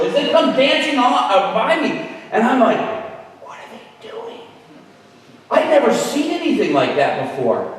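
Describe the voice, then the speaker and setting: A man giving an animated, conversational storytelling sermon as a guest speaker. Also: high voice. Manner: animated, conversational, often laughing. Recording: echoey hall, voice far from the mic.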